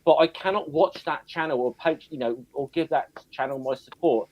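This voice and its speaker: A man's voice: fairly high pitch, normal speed, muffled recording. A man co-hosting a casual online chat, talking bluntly with lots of hesitations and restarts. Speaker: co-host.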